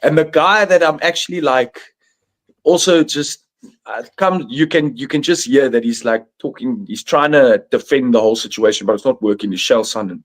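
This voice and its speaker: A man's voice: mid-range voice, moderate pace. A man on a streamed video call, rambling through his opinions with many likes and restarts. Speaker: podcast panelist. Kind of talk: casual chat.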